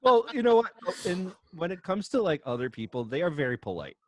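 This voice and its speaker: A man's voice: high-pitched, a little fast. A man telling family stories in casual podcast chat and acting out the quotes as he goes. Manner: animated storyteller who acts out quotes. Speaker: podcast co-host.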